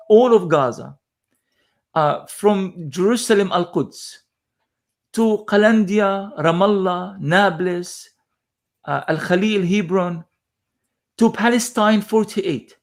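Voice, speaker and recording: Impassioned male news commentator. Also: sits high. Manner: impassioned, repetitive emphasis with many fillers.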